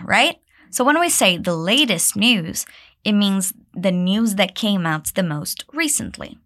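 A woman teaching an English pronunciation lesson, drilling phrases for learners to repeat and praising them warmly. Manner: encouraging, drills repetition, pitch leaps on praise.

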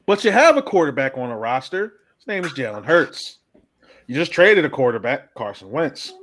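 A man hosting a casual sports talk show, ranting in an animated, profane way. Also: mid-range voice, normal speed. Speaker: podcast host.

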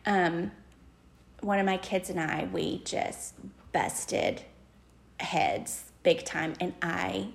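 A woman with an Alabama accent, co-hosting a parenting podcast and telling a personal story in a lively, self-mocking way. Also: on the low side, drawn-out words, gravelly. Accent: Southern US, Alabama. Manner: animated storyteller, laughs at herself. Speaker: podcast co-host. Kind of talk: casual chat, personal story.

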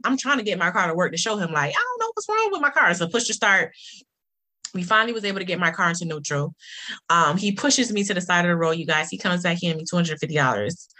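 A woman telling a personal story to her viewers in a casual, animated way, repeating phrases for emphasis and speaking straight to her audience. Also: fairly low pitch. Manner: animated, emphatic, keeps addressing listeners directly.

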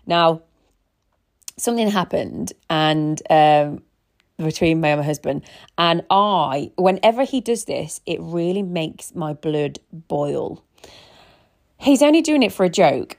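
A woman's voice: low voice, vocal fry, a little mellow. A woman in her thirties hosting a casual solo podcast, a chatty, rambling storyteller who often restarts her sentences. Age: 30s. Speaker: podcast host.

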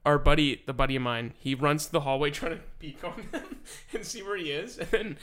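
A young man with a fairly high-pitched voice talks fairly quickly while co-hosting a casual podcast. He tells school stories animatedly, voicing the characters and laughing often.

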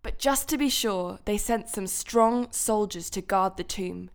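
A woman teaching a Bible lesson to children in a gentle way, asking her listeners questions. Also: medium pitch, unhurried.

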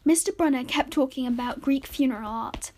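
A woman's voice: high-pitched, a little fast, a little mellow. A woman hosting a podcast, reading a novel aloud in a chatty, informal way and correcting her own slips. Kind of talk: storybook reading.

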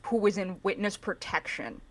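Animated woman ranting in casual chat. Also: mid-range voice, normal speed.

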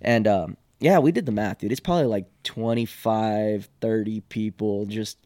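A man's voice: lowish voice, moderate pace, darkish tone, no echo. Laid-back male podcast co-host, dry sound. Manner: laid-back, conversational, swears casually. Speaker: podcast co-host and comedy show producer. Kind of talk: casual podcast chat.

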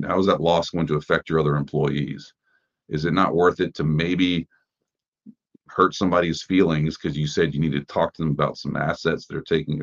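Male host with an extremely low voice, chatty commentary full of rhetorical questions, dull lo-fi recording. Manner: conversational, rhetorical questions, frequent fillers. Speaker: podcast host. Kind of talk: casual news commentary. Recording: dull lo-fi sound.

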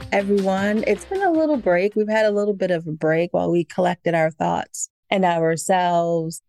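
A chatty woman co-hosting a podcast, bubbly and quick to laugh. Her voice sits a little low, and the recording is dry and close. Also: gravelly, a little mellow, no room sound. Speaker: podcast co-host. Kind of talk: casual podcast chat.

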